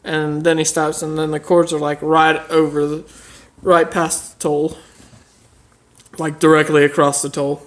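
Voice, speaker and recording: A podcast co-host improvising a comic story, halting and full of fillers, often giggling. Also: mid-range voice, level tone.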